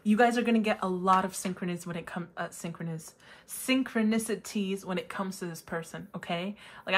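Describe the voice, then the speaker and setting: Chatty woman giving a tarot reading. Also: slight background noise. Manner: chatty, bursts into high excited squeals. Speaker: tarot reader. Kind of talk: casual pick-a-card tarot reading.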